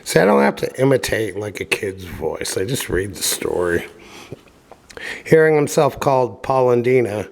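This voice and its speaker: A man casually reading a children's book aloud and adding offhand, wry comments, with filler pauses. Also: on the low side, very animated, creaky. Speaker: reader and commentator.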